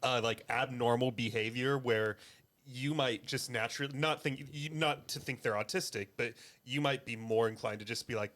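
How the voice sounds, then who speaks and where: A man hosting a podcast in casual chat, speaking in rambling, halting phrases. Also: medium pitch, a bit bright. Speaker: podcast host.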